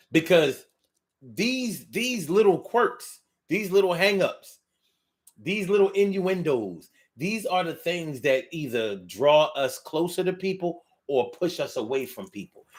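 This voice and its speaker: A man from Philadelphia with a Philly accent, talking casually as host of a monologue show, repeating phrases and drawing out words. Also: fairly high pitch. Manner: animated, repeats phrases, drawls words for effect.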